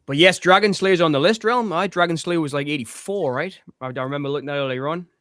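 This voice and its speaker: A man's voice: on the high side, quick pace, a bit bright, dry recording, clean studio sound. A man co-hosting a casual film chat, talking enthusiastically and rambling with frequent laughter. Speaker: co-host.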